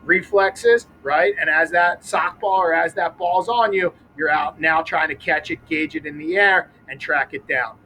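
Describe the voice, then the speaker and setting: A man's voice: on the high side, a little slow, hardly any pauses, bright, forceful tone, a little hiss or hum, rough recording. A young adult man coaching kids through a ball game outdoors at a school, upbeat and counting catches aloud. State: out of breath.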